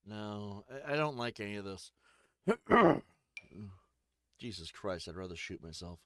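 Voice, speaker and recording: A man's voice: on the low side, sing-song, measured pace, a bit bright. A man giving rambling, joking, profane let's-play commentary while playing a game. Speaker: gaming streamer.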